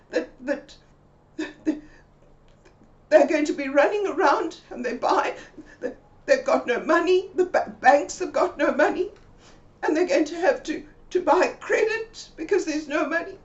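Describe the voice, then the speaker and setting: A woman voicing a panicky, dramatic older woman friend who wails in a high voice. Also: a little slow, echoey room, distant mic, dull audio. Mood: panicked. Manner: high, frantic and wailing.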